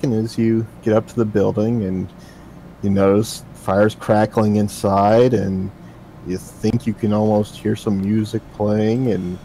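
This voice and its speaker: A man's voice: fairly low pitch, vocal fry, dark tone, a little hiss or hum, poor audio. A man narrating as the game master of a tabletop role-playing game, setting scenes in descriptive detail.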